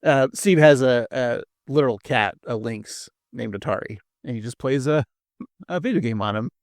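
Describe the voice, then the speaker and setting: A man's voice: medium pitch, normal speed, dry recording. Joking podcast host, a man, dry mic. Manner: joking, rambling, lots of fillers. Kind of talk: casual podcast chat.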